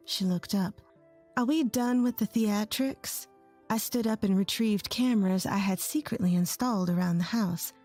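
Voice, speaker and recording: A woman narrating a first-person story in a plain, measured scripted way. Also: medium pitch, warm tone. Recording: faint music bed under the voice.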